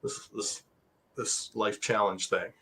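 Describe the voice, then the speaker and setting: A man's voice: fairly low pitch, fairly even intonation, slow pace, over a noisy crowd. A man hosting an online talk show, English not his first language, rambling and joking at his own expense. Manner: joking, rambling, self-deprecating. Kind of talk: casual interview chat. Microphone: video call.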